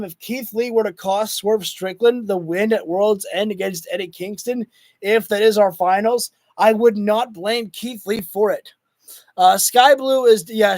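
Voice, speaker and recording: A man hosting a wrestling livestream who talks casually to his chat, rambling and excitable with lots of fillers, and is losing his voice. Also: high-pitched, gravelly, dry recording. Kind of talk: casual live commentary to chat.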